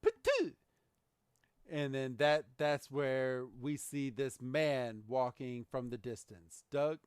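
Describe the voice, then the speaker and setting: A man's voice: medium pitch, takes it slowly, smooth, dry recording, clean studio sound. A man co-hosting a podcast, casually retelling a cartoon episode and acting out the quotes. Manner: animated retelling, acts out quotes. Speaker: podcast co-host.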